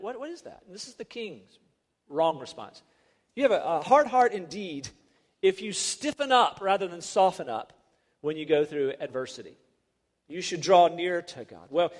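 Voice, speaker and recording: A man preaching a sermon as a pastor, emphatic and full of rhetorical questions. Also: high-pitched. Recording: long reverb of a large hall.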